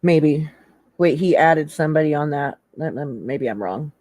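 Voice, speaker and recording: A woman's voice: low-pitched, expressive, moderate pace, mellow, no room sound. Chatty woman, slangy and dry-sounding. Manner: chatty, slangy, lots of "like" and "hella". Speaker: panel guest. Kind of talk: casual live-stream chat.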